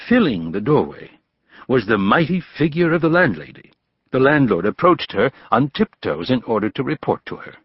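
A man narrating an audiobook in a measured, expressive storytelling manner. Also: medium pitch, husky, no echo, dull audio. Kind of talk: scripted narration.

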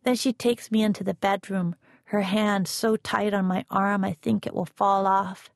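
A woman narrating a first-person novel as an audiobook, in a measured, unhurried reading. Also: medium pitch, fairly even intonation, creaky, no room sound, clean studio sound.

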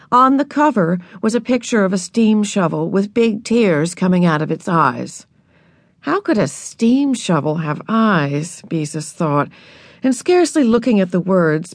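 A woman reads a children's book aloud with a lively, animated storytelling lilt. Her pitch sits in an ordinary middle range, and the studio sound is close and completely dry. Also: no echo. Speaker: audiobook narrator. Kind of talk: scripted storybook narration.

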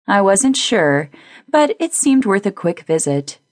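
A woman narrating a first-person audiobook in a lively, playful way on a close studio mic. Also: medium pitch, unhurried, dry recording.

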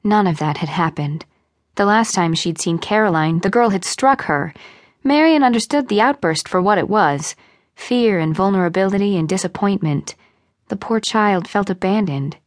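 A woman's voice: medium pitch, moderate pace, no room sound. Woman narrating an audiobook in a dry studio. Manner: expressive storytelling, voicing each character. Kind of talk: scripted narration.

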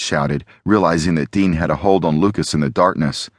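A man reading a novel aloud as an audiobook narrator, in a steady, even storytelling manner. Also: rumbling low, moderate pace, no echo.

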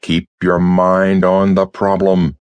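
A man voicing a nervous, muddled male FBI chief who turns fretful and sharp, in a storybook reading. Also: low-pitched, monotone, takes it slowly, smooth, dry recording, dull audio. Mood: stern.

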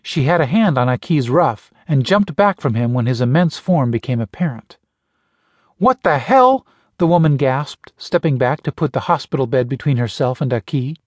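A man's voice: mid-range voice, normal speed, hardly any pauses, darkish tone, dry recording. Man narrating a sci-fi audiobook, dry. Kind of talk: scripted narration.

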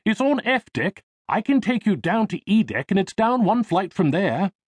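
A courteous teenage lift operator with an English accent answers helpfully in a storybook reading, as a male narrator plays him. The voice is pitched well above the narrator's own and stays dry and close. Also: very animated, moderate pace, slightly rough, no room sound, heavily acted. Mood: polite. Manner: polite, deferential. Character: young English elevator operator, polite teenage boy.

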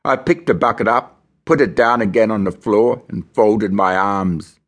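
A man from Australia reads a novel aloud in the first person, measured and grim. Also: lowish voice, a bit bright, breathy edge. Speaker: audiobook narrator.

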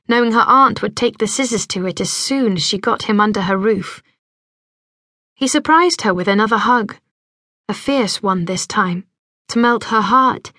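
Woman narrator, audiobook reading, gentle measured delivery, somewhat high voice, dry close sound. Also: no echo. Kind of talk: scripted narration.

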